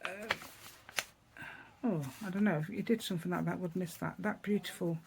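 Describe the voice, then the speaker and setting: Chatty East Midlands woman, low gravelly voice. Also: fairly even intonation, fairly quick, background noise. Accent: East Midlands English. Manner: chatty, rambling, asks tag questions, laughs often. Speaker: craft tutorial host. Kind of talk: casual crafting tutorial chat.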